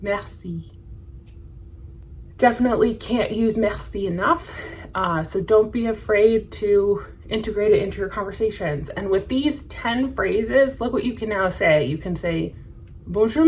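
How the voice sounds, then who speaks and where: Woman teaching beginner travel phrases, steady mid-pitched voice, demonstrates each one by repeating it. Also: poor audio. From United States. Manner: repeats phrases slowly for practice. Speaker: French language teacher. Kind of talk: casual language lesson.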